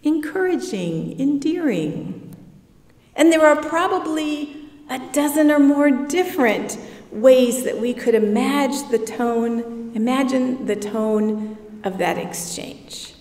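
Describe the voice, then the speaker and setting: A woman's voice: high-pitched, animated, takes it slowly, a little mellow. A woman pastor preaching a sermon in a reflective, conversational way. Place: church sanctuary. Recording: echoey church hall, from far off.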